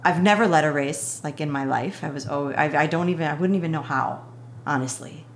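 A woman's voice: sits low, fairly quick, a little hiss or hum. A woman telling a story in casual conversation as a guest. She talks in a chatty way, full of "like", and acts out both sides of the dialogue.

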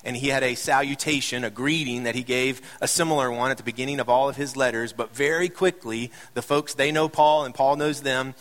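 A man's voice: mid-range voice, steady tone, fairly quick, hardly any pauses, fairly bright tone. A middle-aged man preaching a sermon as a pastor, conversational with light joking asides, building to impassioned emphasis. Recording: reverberant hall.

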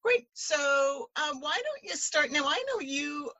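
A woman's voice: high voice, animated, a little slow, pushed and bright, no echo, rough recording. A woman hosting a podcast interview, asking friendly, encouraging questions. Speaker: podcast host.

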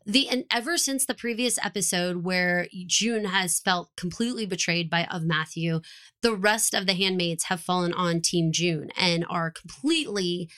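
A woman co-hosting a casual TV recap podcast. She talks in quick bursts and acts out lines from the show. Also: on the low side, pushed and bright, clean tone. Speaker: podcast co-host.

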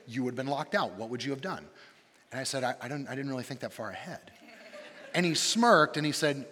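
A man in his thirties, a campus pastor, preaching a humorous sermon and telling stories about himself in an animated, self-deprecating way. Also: mid-range voice, a little fast, pauses often, long reverb tail, a little hiss or hum. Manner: animated, self-deprecating storyteller with shifting energy.

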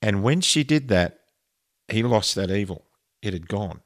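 A man's voice: lowish voice, animated, unhurried, fairly bright tone, dry recording, clean studio sound. A man earnestly telling an emotional personal story in a conversation, with frequent restarts. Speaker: interview guest.

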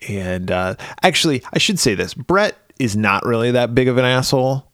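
A man's voice: medium pitch, lively intonation, moderate pace, fairly bright tone, no room sound, clean studio sound. A man co-hosting a podcast, recapping a movie in casual chat, laid-back and swearing freely. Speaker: podcast co-host.

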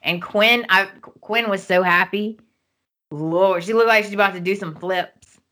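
A woman's voice: medium pitch, a little slow. A woman hosting a podcast, recapping a soap opera in casual chat and acting out the characters' lines as she goes. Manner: animated storytelling, acting out quotes.

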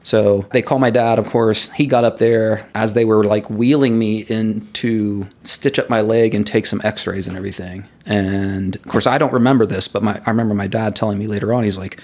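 A man casually telling a personal story to friends, animated and laughing at his own tale. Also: on the low side, normal speed, hardly any pauses.

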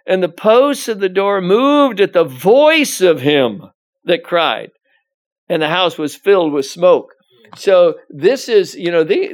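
Brief: male pastor, fairly high voice, loose conversational Bible teaching, lots of restarts. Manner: rambling, frequent "you know" and restarts; reads scripture aloud with emphasis.

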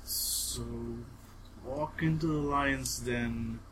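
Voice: medium pitch, very slow, background noise. A player in a tabletop game, joking sarcastically about their options. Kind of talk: casual chat.

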